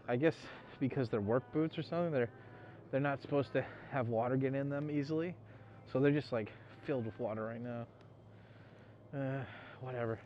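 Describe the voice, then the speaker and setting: A soaked, chilled man vlogging a motorcycle trip, talking to camera in a loose, rambling way and swearing freely. His voice sits in an ordinary middle range. The audio is dull and lo-fi, with steady wind and road noise under it. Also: medium pitch. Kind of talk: casual vlog talk to camera. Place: outdoors on a motorcycle and inside a convenience store.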